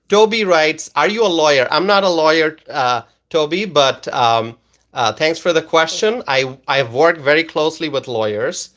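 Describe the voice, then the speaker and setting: A man's voice: a little high, a bit bright. A man hosting a political livestream, talking insistently with many fillers and repeated phrases, then reading chat comments aloud.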